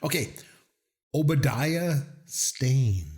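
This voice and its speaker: A man co-hosts a laid-back podcast, quizzing his partner with a teasing, self-deprecating humor. His voice swings widely in pitch as he jokes around, sitting at a middling register for a man. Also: drawn-out words. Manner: joking, animated, self-deprecating. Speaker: podcast co-host and trivia quizmaster. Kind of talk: casual podcast chat.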